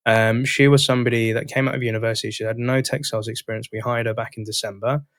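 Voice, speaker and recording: A man hosting a podcast, telling a coaching story in a casual, animated way. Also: mid-range voice, fast talker, no echo, clean studio sound. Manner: animated, acts out both sides of dialogues. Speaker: podcast host and sales coach.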